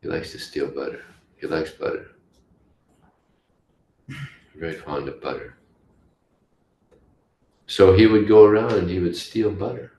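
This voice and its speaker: A man teaching a scripture class, telling stories in a halting way with restarts. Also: low voice, animated, warm tone. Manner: halting, with restarts and story voices. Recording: echoey room, faint hiss.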